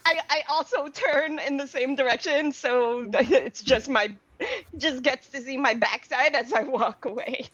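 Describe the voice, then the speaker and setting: A woman's voice: sits high, measured pace, a bit bright, muffled recording. A woman playing in a tabletop game, chatting casually and laughing often between her lines. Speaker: player.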